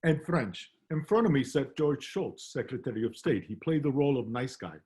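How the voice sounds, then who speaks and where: A man's voice: medium pitch, animated, moderate pace, a little mellow, slightly rough. A man reading as a wary Soviet minister in a Russian accent. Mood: wry. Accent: put-on Russian. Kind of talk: script reading over video call. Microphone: video call.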